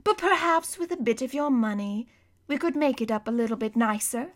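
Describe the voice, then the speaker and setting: A woman's voice: fairly high pitch, expressive, brisk. A woman doing Count Olaf, a wheezy scheming villain. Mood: oily. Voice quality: wheezy whisper. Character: wheezy, sly, greedy tall thin villain man. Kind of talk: storybook reading.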